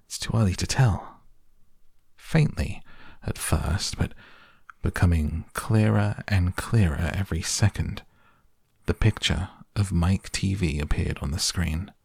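A man narrating a children's story aloud in a measured, expressive storytelling manner. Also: low-pitched, vocal fry, slightly rough, no room sound, clean studio sound. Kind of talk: scripted audiobook narration.

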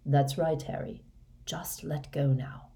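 A very old wizard speaks softly and steadily, low in the voice, as a woman reading the story puts him on. He sounds calm and kind, with no hurry in his words. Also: takes it slowly, whispered. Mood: gentle. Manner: gentle and steady.

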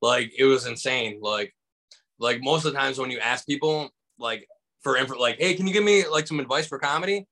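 This casual storytelling interview features a Michigan comedian on a video call, loose and rambling, full of fillers, acting out what people said. His voice is mid-range and sharp, at a moderate pace, and the audio is poor.

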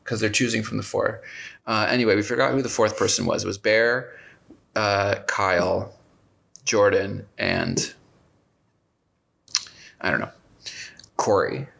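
A man's voice: fairly low pitch, steady tone, a little slow, creaky, pauses often, a bit bright. A man co-hosting a casual chat, recapping a show in a rambling, wry way and often correcting himself. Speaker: podcast co-host.

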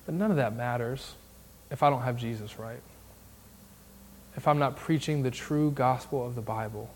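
A man's voice: mid-range voice, normal speed, long pauses. A man with a Southern accent preaching a sermon as a candidate for pastor, building his points into emphatic lists.

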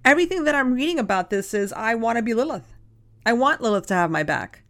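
A woman's voice: a little high, animated, quick pace. A woman co-hosting a podcast in casual chat, speaking emphatically and acting out quotes. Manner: emphatic, acts out quotes in a hushed voice. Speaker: podcast co-host.

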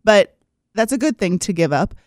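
A man's voice: high voice, lively intonation, moderate pace, no echo, clean studio sound. A man guest on a Catholic talk show, laying out practical points in casual chat. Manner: practical, listing points, laughing easily.

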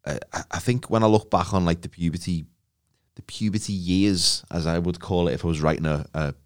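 A man's voice: low voice, fairly even intonation, brisk. A man, telling stories with jokes and acting out the voices in a casual podcast chat. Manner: jokey storytelling, acts out quotes. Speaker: podcast co-host.

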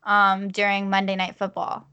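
Bright-voiced excitable woman. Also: medium pitch, moderate pace, clear, resonant tone, dull audio. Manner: excitable, gushing, many "like" fillers. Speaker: guest podcaster. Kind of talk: casual live podcast chat.

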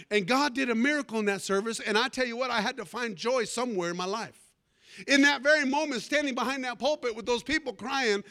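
Man pastor, high bright voice, lively comic sermon storyteller. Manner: animated, comic storytelling with sudden shouts.

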